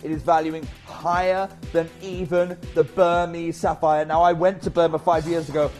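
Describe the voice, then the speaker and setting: A man presenting a live shopping channel, chatty and energetic with off-script asides. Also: a little high, moderate pace, soft background music.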